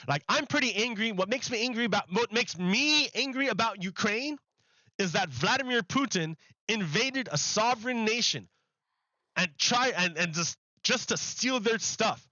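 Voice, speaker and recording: Host: high bright male voice, profane sarcastic ranting, dull dry mic. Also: expressive, moderate pace, dry recording. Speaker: streamer host. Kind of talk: ranting commentary over clips.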